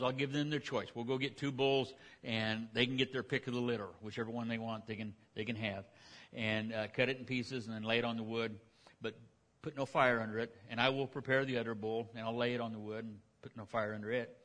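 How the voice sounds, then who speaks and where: A male pastor preaches with a relaxed, chatty storytelling manner, often restarting his sentences. His voice sits at an ordinary middle pitch. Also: a little fast. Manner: folksy storytelling with frequent restarts. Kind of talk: conversational sermon, retelling scripture.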